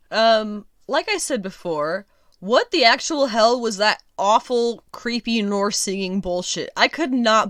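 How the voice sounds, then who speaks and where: A woman hosting a casual solo review podcast, chatty and sarcastic, laughing often and filling pauses with ums. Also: mid-range voice, fairly bright tone, no room sound, clean studio sound. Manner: chatty, lots of ums and restarts. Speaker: podcast host.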